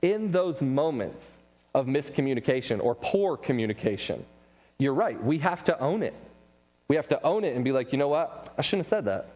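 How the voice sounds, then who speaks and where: A man giving a casual church class talk, telling stories with quick asides and laughs. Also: medium pitch, animated, a little mellow, faint music behind. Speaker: Bible class teacher. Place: church room. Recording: long hall reverb.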